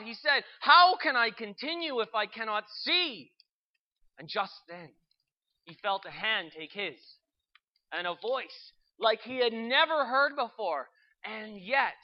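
A storyteller narrating a Christian story in an earnest, unhurried way, with asides to the listener. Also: medium pitch, expressive, dull audio.

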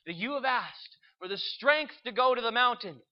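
A storyteller voicing a radiant angel who brings good news, gentle and slow. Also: mid-range voice, expressive, lo-fi sound, close to an everyday voice. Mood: reassuring.

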